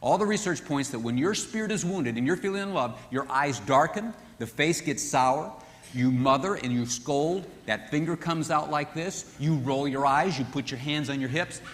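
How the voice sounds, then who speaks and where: A man teaching a marriage seminar in an animated way, often acting out what spouses say. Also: a little high, normal speed. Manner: animated, acts out quoted voices. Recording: echoey hall with long reverb.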